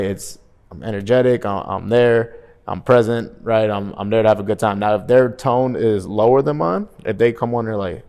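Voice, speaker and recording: A man with a fairly low voice talks straight to the viewer as a sales coach. He is emphatic and lively, and he leans into his examples. Now and then he acts out a phone call in a different tone. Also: normal speed, smooth. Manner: energetic, emphatic, repeats "right?"; acts out phone calls in shifting tones. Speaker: real estate sales coach. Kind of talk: motivational coaching talk.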